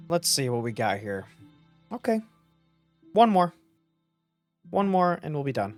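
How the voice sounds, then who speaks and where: A man hosting a gaming video, thinking aloud in casual commentary, self-mocking and quick to get excited. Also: on the high side. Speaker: gaming channel host.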